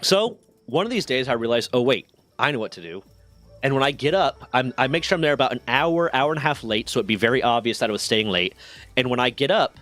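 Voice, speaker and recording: A man's voice: medium pitch, quick pace, soft background music. A man streaming, telling a workplace story in a casual, profane way and acting out the dialogue. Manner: profane, animated retelling with quoted dialogue.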